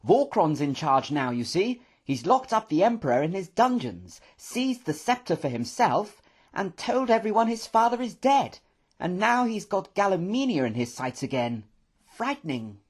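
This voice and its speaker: A man reading the part of an excitable male professor who cannot keep still. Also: high voice, moderate pace, voice pushed up. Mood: alarmed. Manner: excited, breathless.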